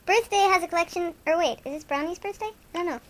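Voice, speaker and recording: A woman's voice: very high voice, quick pace. A woman hosting an improvised comic radio show, playing two goofy young male rock-fan buddies in rambling, self-mocking banter.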